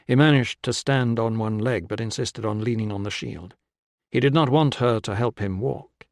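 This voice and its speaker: A man narrating a historical crime audiobook in a measured storytelling way. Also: medium pitch, no echo, studio quality. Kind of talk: scripted narration.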